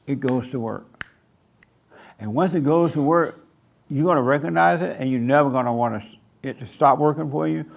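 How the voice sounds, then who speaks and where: Gravelly older man preaching plainly. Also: mid-range voice, darkish tone. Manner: slow, plain-spoken, storytelling with acted-out quotes. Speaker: pastor. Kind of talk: sermon answering questions. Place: church meeting room.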